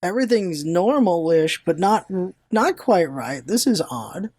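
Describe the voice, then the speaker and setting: A vlogger telling a long personal story in casual, rambling chat, animated, swearing now and then and stumbling over words when excited. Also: medium pitch, a little slow, no room sound, clean studio sound. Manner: animated storyteller, swears, retells own thoughts aloud; restarts and stammers when excited.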